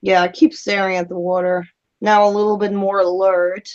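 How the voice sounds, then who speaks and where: A woman's voice: mid-range voice, little pitch movement, normal speed, a little mellow. A woman player in a tabletop game, speaking in character with profane, sarcastic banter. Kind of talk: in-character tabletop role-play. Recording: slightly dull, lo-fi sound.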